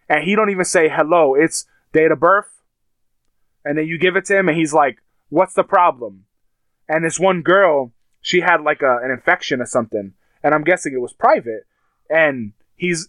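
A man's voice: a little high, normal speed, a bit bright, no room sound. A man telling a heated story in casual chat, swearing often and acting out what others said.

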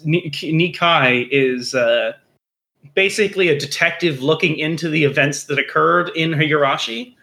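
A man co-hosting a casual anime discussion podcast, animated and hesitant, often restarting his sentences. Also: fairly high pitch, moderate pace, gravelly. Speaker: podcast co-host.

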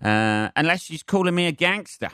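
A man's voice: on the high side, expressive, moderate pace, a bit bright, clean tone, no echo, studio quality. A young man hosting a rambling solo podcast, chatty, sweary and self-mocking. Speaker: podcast host.

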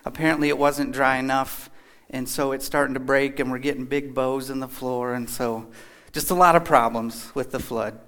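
A man's voice: medium pitch, fairly even intonation, normal speed, few pauses, fairly bright tone. A man from Kentucky giving a casual, joking talk as a guest speaker at a church. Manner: chatty, joking, folksy. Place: church hall.

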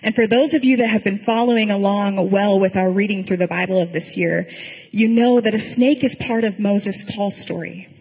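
A pastor giving a sermon in a conversational storytelling way, with dry humor. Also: female voice, mid-range voice, a little mellow, breathy edge, big-room sound, low-quality recording.

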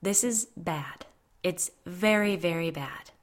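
A woman voicing a blunt middle-aged female psychic who speaks gravely and firmly. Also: on the low side, slow pace. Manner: blunt, commanding.

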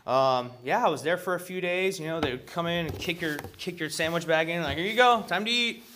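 A man's voice: on the high side, brisk, fairly bright tone, a little hiss or hum. A man telling his story at a recovery meeting in a loose, profane way, full of ums and you-knows. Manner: loose and profane, heavy with fillers. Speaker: member sharing at a recovery meeting. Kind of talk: casual personal share.

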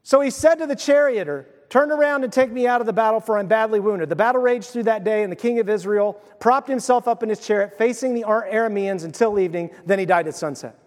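High-voiced man preaching in reverberant hall. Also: fast talker, few pauses. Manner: animated storytelling, acts out voices. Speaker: pastor. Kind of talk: sermon.

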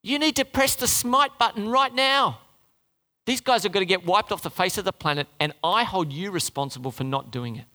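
Man doing a petulant prophet, shrill and indignant, lively swings, hall reverb. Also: moderate pace. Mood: accusing. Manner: indignant ranting. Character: petulant prophet Jonah, grown man, furious at God.

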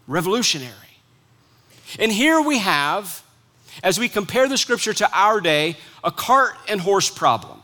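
A man preaching a sermon as pastor, earnest, dropping to soft hushed lines and rising to emphatic ones. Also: high voice, very animated, normal speed.

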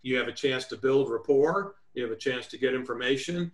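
A man's voice: medium pitch, brisk. Instructive man in an echoey room. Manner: emphatic, instructive, list-like delivery. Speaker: real estate negotiation trainer, guest. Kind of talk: remote interview.

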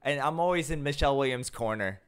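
Male co-host, smooth clear voice, chatty and rambling. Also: medium pitch, quick pace. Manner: rambling, filler-heavy, self-correcting. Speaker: podcast co-host. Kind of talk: casual chat.

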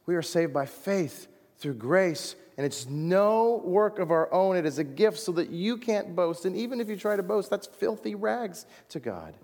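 A man preaching a sermon as a pastor, reading scripture and swinging between loud emphasis and hushed lines. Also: sits high, expressive, moderate pace, few pauses. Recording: long reverb of a large hall.

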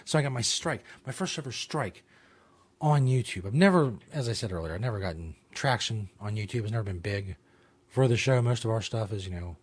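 A man's voice: lowish voice, expressive, fairly quick, breathy edge. A man hosting his own talk show, rambling casually with lots of fillers, restarts and swearing. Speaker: show host. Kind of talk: casual podcast monologue.

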